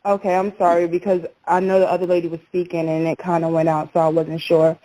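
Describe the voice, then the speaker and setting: A woman's voice: lowish voice, level tone, fast talker, dark tone. A woman calling in to a town hall, speaking earnestly, a little nervous and emotional. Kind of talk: emotional personal statement.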